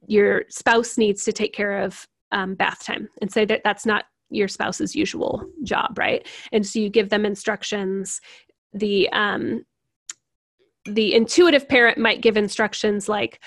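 A woman guest explaining personality types in a casual interview, animated and laughing often as she acts out examples. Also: medium pitch, dry recording, studio quality. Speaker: certified personality type coach, guest.

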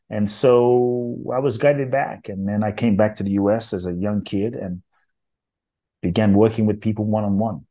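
A man's voice: on the low side, dark tone. A middle-aged man, an interview guest, telling his life story in an intense, earnest, emphatic way. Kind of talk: storytelling in conversation.

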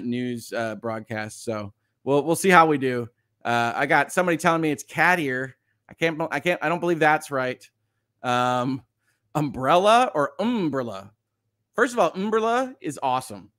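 A man's voice: mid-range voice, fairly bright tone, no room sound, studio quality. Man hosting a live news stream. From United States. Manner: hesitant, many fillers and restarts, chuckles often. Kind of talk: live-stream news commentary reading viewer chat.

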